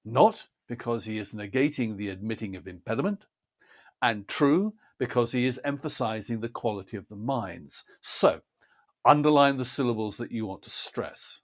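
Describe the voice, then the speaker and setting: A man explains poetry reading in a careful, precise teaching manner. His pitch sits in an ordinary middle range, and he lays out each point methodically. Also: expressive, normal speed. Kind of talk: scripted instructional talk.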